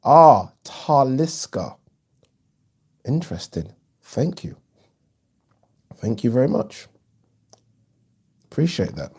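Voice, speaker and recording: This boxing watch-along host speaks slowly in a mellow, slightly rough mid-range voice with vocal fry, big pitch swings, and frequent pauses. He reads viewer comments chattily and frankly, swearing freely and saying um often.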